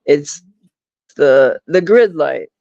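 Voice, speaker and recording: A man's voice: on the high side, lively intonation, extremely slow, gravelly, a little mellow, no echo. A man in casual chat as a podcast guest who rambles and fills his talk with "like" and "you know". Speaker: podcast guest, paranormal investigator. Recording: dull, lo-fi, dry.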